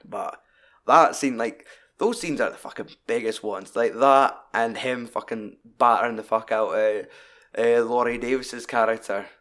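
An animated man talks through a film in loose, casual chat and swears constantly. His voice sits at an ordinary mid pitch, and he tumbles through the plot with restarts and asides. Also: measured pace. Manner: sweary, rambling, animated retelling.

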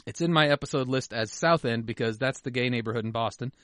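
A podcast co-host with a mid-range voice talks at a quick pace, his tone a bit bright. He jokes and swears his way through listener emails, sometimes dropping into a mutter. The recording is dry and studio quality.

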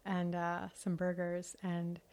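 A woman's voice: fairly low pitch, monotone, slow pace, darkish tone. A woman from Wisconsin, a podcast guest, chatting casually and telling anecdotes with easy laughter. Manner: storytelling, laughs easily. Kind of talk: casual chat. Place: office.

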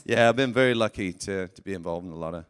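A man's voice: low-pitched, fast, clean tone. British man answering onstage. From England. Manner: playful, self-deprecating, slips into voices and jokes. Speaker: voice actor guest. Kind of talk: live onstage Q&A. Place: live convention stage.

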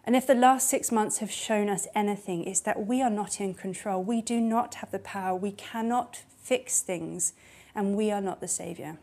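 A woman's voice: medium pitch, moderate pace. Candid woman preaching a sermon. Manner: candid and personal, with soft hushed passages.

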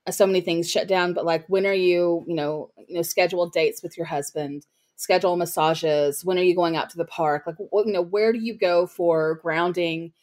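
A woman's voice: fairly low pitch, fairly even intonation, normal speed, a little mellow. A woman speaking as a podcast guest about her copywriting work, in casual interview talk full of "like" and "you know". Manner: chatty, heavy use of "like" and "you know" fillers.

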